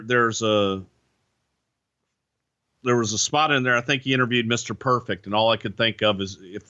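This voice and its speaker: Bright-voiced man recalling old backstage stories. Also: mid-range voice. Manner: rambling, frequent you-knows and restarts. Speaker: former wrestling insider guest. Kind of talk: casual podcast recollection. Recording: dull lo-fi sound.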